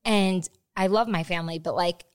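A woman's voice: fairly low pitch, normal speed, clear, resonant tone. A woman guest on a podcast, chatting candidly, laughing often and swearing freely. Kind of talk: casual chat.

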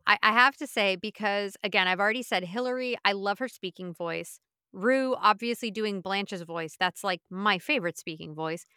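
A woman co-hosting a podcast who gushes with enthusiasm in casual chat. Her voice is bright and smooth, and the close mic sounds dry. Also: medium pitch, normal speed, dry recording. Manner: gushing, enthusiastic. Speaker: podcast co-host.

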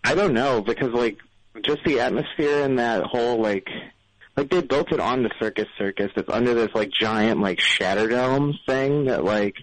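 A man's voice: medium pitch, moderate pace, no room sound, poor audio. A young adult man calling in to a show, rambling casually and saying "like" often. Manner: rambling, heavy use of "like". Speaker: caller. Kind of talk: casual phone call.

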